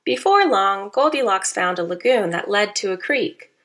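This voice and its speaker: Bright, expressive woman reading a storybook. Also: medium pitch, moderate pace. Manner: expressive, playful, teacherly asides. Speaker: narrator. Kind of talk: children's storybook narration.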